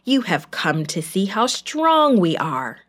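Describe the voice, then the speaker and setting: A woman voicing Joseph, a stern and powerful male governor, in a slow, low, commanding tone. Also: very animated. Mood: accusing.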